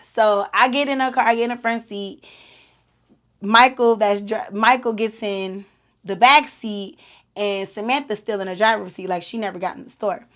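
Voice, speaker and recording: A woman, hosting a podcast and telling a story in an animated, slangy way with laughs. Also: medium pitch, moderate pace. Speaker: podcast host. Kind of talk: casual storytelling.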